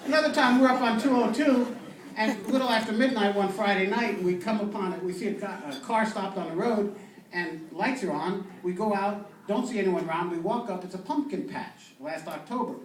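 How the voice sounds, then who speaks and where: On a comedy club stage, a stand-up comic with a high-pitched, brisk voice tells cop stories, full of fillers and restarts. He's recorded from a distant mic in an echoey club, with faint noise.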